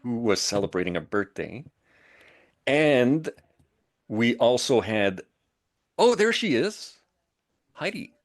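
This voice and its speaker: Lively Montreal man on a live stream. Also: medium pitch, takes it slowly, long pauses. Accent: Quebec French. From Montreal, Canada. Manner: lively, laughs often, jokes in French. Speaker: co-host of a live show. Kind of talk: casual live-stream chat.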